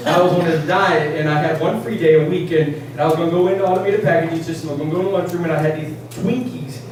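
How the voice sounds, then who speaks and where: A man preaching a sermon who shouts his emphatic lines and tells stories with many fillers. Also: fairly high pitch, fairly even intonation, fast. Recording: echoey church, distant mic, background noise.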